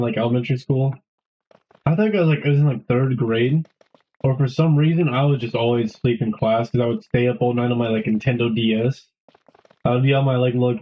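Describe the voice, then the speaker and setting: A man's voice: mid-range voice, muffled recording. A young man streaming a game, rambling casually to his chat and swearing often.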